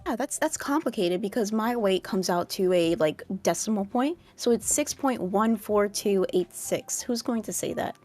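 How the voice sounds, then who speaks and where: A woman's voice: mid-range voice, animated, normal speed, few pauses, darkish tone. A young woman with a mid-range voice reads fun facts aloud as a podcast co-host. She sounds wry and playful throughout. Faint music plays underneath. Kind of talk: casual podcast chat.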